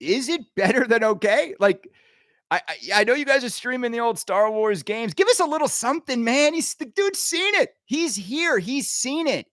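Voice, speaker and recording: A man hosting a podcast, ranting casually with sarcasm and quick asides. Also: extremely high pitch, no room sound, clean studio sound. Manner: animated, sarcastic, riffing with laughs and mock impressions. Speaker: podcast host.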